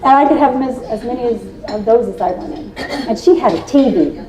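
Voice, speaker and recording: A woman's voice: fairly high pitch, a little fast, dark tone. Folksy older woman speaking in a roomy hall. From Indiana. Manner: folksy, playful and confiding, with teasing asides to the crowd. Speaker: keynote speaker. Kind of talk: storytelling speech to a live audience. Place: meeting room with a live audience. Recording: roomy hall from a distant mic.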